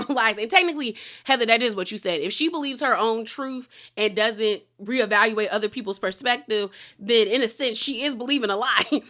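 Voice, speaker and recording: A woman casually recapping a reality show episode, retelling scenes with slangy asides and quoted lines. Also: mid-range voice. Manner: animated retelling, quoting cast members with slangy asides.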